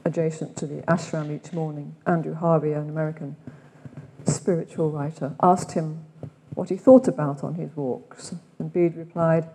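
A woman's voice: low voice, steady tone, moderate pace, dark tone, breathy edge, in a large hall. An older woman with an English accent leading a retreat day, speaking reflectively and asking many questions. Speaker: retreat leader. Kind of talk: retreat talk with read-aloud quotations. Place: meditation centre room.

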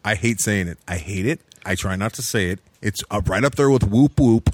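A man's voice: fairly low pitch, normal speed, slight background noise. A man co-hosting a casual comedy podcast from a remote location, laid-back and wry, swearing casually. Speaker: podcast co-host.

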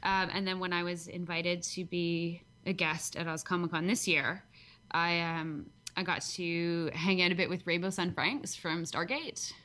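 A woman's voice: lowish voice, steady tone, a little slow, sharp tone. A young woman with a Canadian accent, a podcast guest talking in a chatty, self-deprecating way with many fillers. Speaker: guest, cosplayer. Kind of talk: casual podcast interview.

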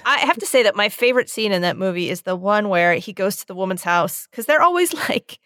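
A woman's voice: medium pitch, animated, brisk, a bit bright, no echo. Woman telling stories, dry close sound. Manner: enthusiastic storyteller, laughs easily, acts out movie scenes. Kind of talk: casual chat.

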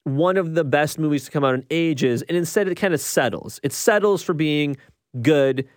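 A man talking through a movie review in a loose, chatty way, circling back and restarting his thoughts. His voice sits a little higher than most men's. The sound is close and dry, with no room around it. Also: moderate pace, no echo. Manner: rambling, restarts a lot, chatty. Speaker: film reviewer.

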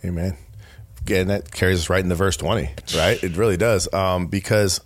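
A man co-hosting a Christian podcast, reading scripture aloud and breaking into excited, animated bursts. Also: sits low, normal speed. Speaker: podcast co-host. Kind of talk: faith podcast conversation.

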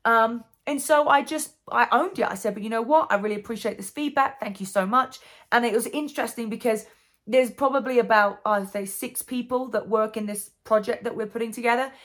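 Chatty rambling woman, higher voice. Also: a little fast, a bit bright. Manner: rambling, many "like" fillers and restarts. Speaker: vlogger and coach. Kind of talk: casual storytelling monologue.

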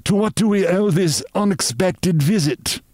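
A man voicing a soft-spoken, sinister male gang boss with smooth, quiet politeness. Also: high-pitched, a little slow, dry recording, clean studio sound, pitched above the performer's own voice. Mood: menacing.

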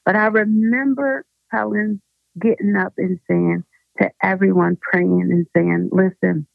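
A woman's voice: medium pitch, fairly even intonation, measured pace, gravelly, no echo. A woman guest giving an earnest, fervent faith testimony over a phone call. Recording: tinny phone line.

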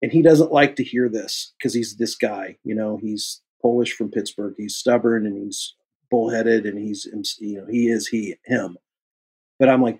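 A man from Kansas City, an actor guest on an interview show, telling animated stories and acting out the dialogue with big swings in his voice. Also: on the low side, unhurried, slightly rough. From Kansas City, USA. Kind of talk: casual interview storytelling.

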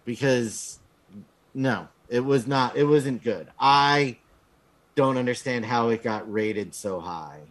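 A man's voice: mid-range voice, slow pace. A man in casual podcast chat, reviewing a film bluntly with frequent ums and swearing. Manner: hesitant, lots of ums, blunt and profane.

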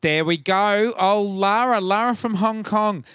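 A man's voice: high-pitched, a little slow, fairly bright tone, clear, resonant tone, no echo, clean studio sound. A man with an Australian accent co-hosting a podcast, bantering in a cheeky, slangy way with lots of laughter. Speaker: podcast co-host. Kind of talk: casual banter.

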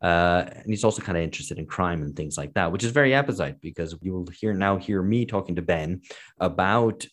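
Male podcast host, very deep voice, easygoing, lots of ums. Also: fairly quick. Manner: hesitant, many fillers, relaxed. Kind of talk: casual podcast chat.

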